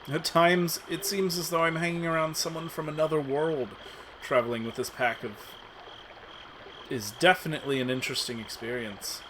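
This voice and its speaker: A man's voice: mid-range voice, background noise. A man streaming himself reading a text adventure aloud as dramatic narration, with asides. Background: game music.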